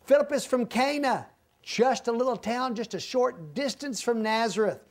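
A man's voice: very high-pitched, moderate pace. A man teaching a verse-by-verse Bible study, explaining the scripture and acting out the speakers' lines. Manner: explains verses, acts out the speakers' lines, then closes in a quiet prayer.

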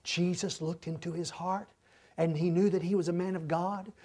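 A man's voice: sits high, steady tone, normal speed, slightly rough. A man teaching a verse-by-verse Bible study, explaining the scripture and acting out the speakers' lines. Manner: explains verses, acts out the speakers' lines, then closes in a quiet prayer.

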